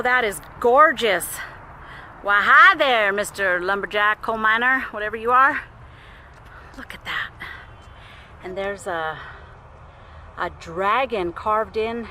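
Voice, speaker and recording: Breathless mom filming a trail walk. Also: female voice, mid-range voice, slow, pauses often, pushed and bright, a little hiss or hum, low-quality recording. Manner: chatty, laughing often, cooing at her toddler. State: out of breath from walking. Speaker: vlogger mom. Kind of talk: casual family vlog narration. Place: outdoor nature trail.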